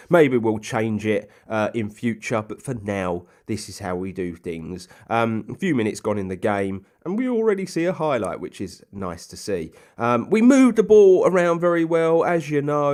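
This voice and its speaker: A man's voice: mid-range voice, a little mellow. A young man casually commentating a football management game, chatty and rambling with plenty of ums and asides. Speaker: gaming commentator.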